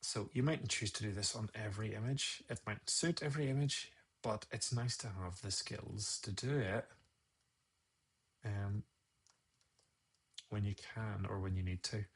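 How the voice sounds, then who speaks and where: A man's voice: on the low side, measured pace, pauses often, breathy edge. A man, a photographer teaching photo editing on a live stream, muttering his steps aloud and scolding himself. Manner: muttering, self-scolding, chatty asides.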